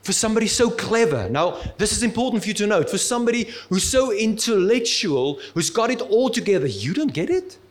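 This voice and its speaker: High-voiced man preaching conversationally. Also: very animated, a little fast, hardly any pauses. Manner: conversational, humorous storytelling. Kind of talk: sermon.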